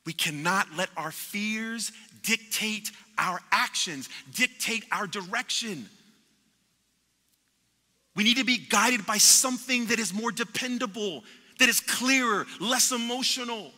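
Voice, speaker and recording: A pastor preaching a sermon with passion, repeating words and acting out what people say. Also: male voice, high voice, a little slow, pushed and bright. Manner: impassioned preaching with repetitions and acted-out quotes. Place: church sanctuary. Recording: long hall reverb in a church.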